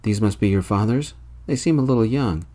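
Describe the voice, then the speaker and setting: A poised woman teacher in her thirties, put on by a soft-spoken man in a whispered role-play. Her voice sits higher than his own hushed low tone, breathy and gentle, though still fairly deep for a woman. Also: lively intonation, a little fast. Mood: polite, curious. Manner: soft, slightly raised voice. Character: stern middle-aged woman teacher.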